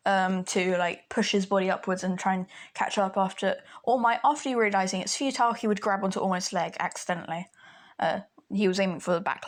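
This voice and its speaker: A woman telling a fan story in a casual, rambling way, full of fillers and restarts. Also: mid-range voice.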